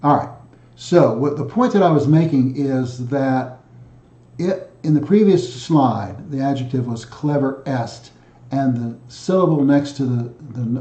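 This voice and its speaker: A man hosting a recorded language lesson, chanting lists of word endings and explaining them haltingly, often correcting himself. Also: medium pitch, dark tone. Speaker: self-taught language video host. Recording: echoey room, dull sound.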